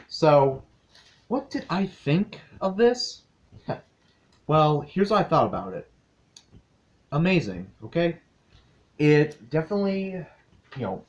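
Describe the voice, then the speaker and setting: A young man talking through a cartoon episode for his viewers in a casual video review. He recaps in a chatty, quick way and drops little asides along the way. His voice sits in the middle range. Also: medium pitch.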